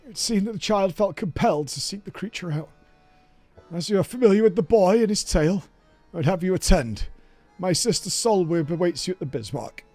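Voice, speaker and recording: A man's voice: high voice, expressive, fairly quick, a little mellow, no room sound, soft background music. A man reading aloud the formal lines of a quest-giving game character in his own voice.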